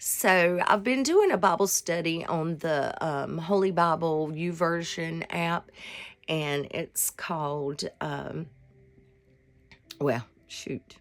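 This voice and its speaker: Gravelly-voiced woman in her sixties. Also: sits low, slow. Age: 60s. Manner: rambling, heartfelt, with fillers. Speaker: vlog host. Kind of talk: casual devotional talk.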